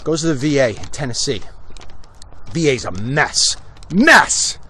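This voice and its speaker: This middle-aged man's voice is medium in pitch, fairly bright, and breathy at the edges, expressive but at normal speed. While walking down a residential street, he talks into his phone for his walk-and-talk show, bluntly and opinionatedly ranting about politics.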